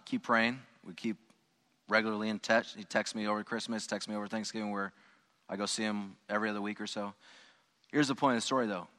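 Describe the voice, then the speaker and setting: A man's voice: fairly low pitch, fairly bright tone. A man, a pastor, telling a personal story to his congregation in a loose, conversational way with frequent restarts and asides. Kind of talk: storytelling sermon. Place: church sanctuary. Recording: long hall reverb.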